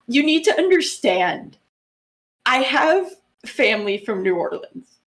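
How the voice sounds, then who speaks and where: Lively laughing woman at a game table. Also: sits high, a little hiss or hum. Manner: laughing, rambling, quick asides. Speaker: tabletop player. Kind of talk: casual chat between players.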